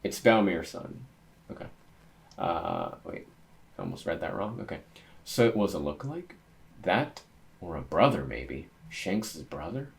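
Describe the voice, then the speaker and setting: A young man with a deep, low voice reads a comic chapter aloud and reacts as he goes. He talks casually, thinks out loud and gets excitable at each new panel. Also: unhurried, creaky, pauses often. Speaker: manga reaction host.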